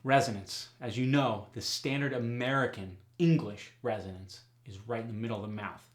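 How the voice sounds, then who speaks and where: A man hosting an accent tutorial as a dialect coach, speaking clearly and deliberately as he announces each topic. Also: mid-range voice, echoey room, soft background music.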